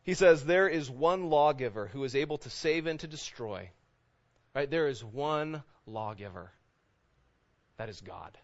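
A man's voice: medium pitch, expressive, a little slow, dull audio. A man in his thirties preaching a sermon in a conversational way, full of rhetorical questions. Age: 30s. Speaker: pastor.

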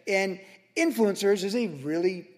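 A man in his sixties preaching a sermon, telling everyday stories in a loose conversational way with quick asides. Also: high voice, lively intonation, a little mellow. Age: 60s. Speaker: pastor. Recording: long hall reverb.

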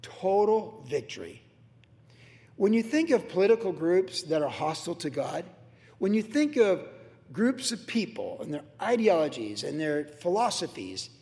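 A man preaching a sermon in an energetic, excitable way with chatty asides. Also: sits high. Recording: long hall reverb.

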